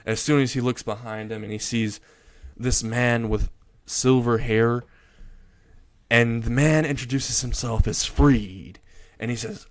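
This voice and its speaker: A man's voice: medium pitch, steady tone, measured pace. A man casually retelling a fan story, narrating in a rambling way with chuckles.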